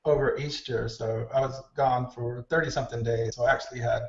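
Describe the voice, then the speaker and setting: A man's voice: mid-range voice, brisk. A man telling backstage stories in an interview, acting out the voices of people he quotes. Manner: animated storyteller, acts out quoted dialogue. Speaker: hair stylist guest. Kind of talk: casual storytelling interview. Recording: distant roomy mic, dull lo-fi sound.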